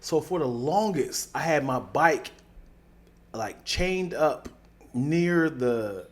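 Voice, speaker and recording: A man's voice: a little high, slow. A man co-hosting a podcast, telling stories in casual chat and jumping into put-on voices. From United States. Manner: animated storyteller, jumps into loud put-on voices. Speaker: podcast co-host.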